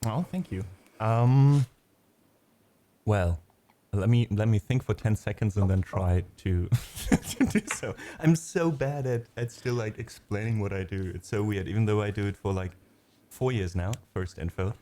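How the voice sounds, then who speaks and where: A man's voice: lowish voice, measured pace, warm tone. A young man hosting a casual live stream, chatting and teasing playfully. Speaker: host musician.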